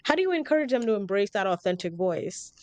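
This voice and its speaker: A woman's voice: medium pitch, big pitch swings, fast, a little mellow, no echo. A woman hosting an interview podcast, reflective and asking long, thoughtful questions. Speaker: podcast host. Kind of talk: interview conversation.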